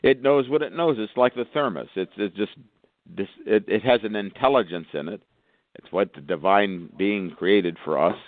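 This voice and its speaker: A man's voice: low-pitched, dry recording. A male physician guest talking with enthusiasm on a phone interview, rambling through long lists. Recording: tinny phone line, dry.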